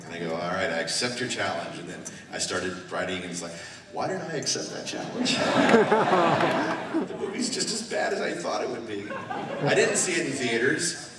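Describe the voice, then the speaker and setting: A man speaking as a guest on a convention panel, animated and laughing often as he answers fan questions. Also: mid-range voice, moderate pace, heavy background noise. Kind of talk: live Q&A panel. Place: large convention hall. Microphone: far recording from the audience. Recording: echoey hall recorded from far off, crowd.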